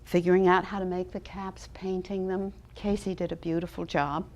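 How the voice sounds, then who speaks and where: A woman's voice: fairly low pitch, flat delivery, normal speed. A woman educator giving a dramatic storybook reading, then talking about teaching. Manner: dramatic, with hushed and loud turns. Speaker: early childhood educator.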